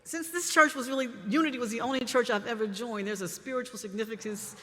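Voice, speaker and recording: A woman's voice: a little high, fairly even intonation, fast talker, background noise. A woman poet speaking in an earnest, heartfelt way at a live reading in a church hall. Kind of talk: live poetry reading and audience talk. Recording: reverberant hall, live jazz, audience.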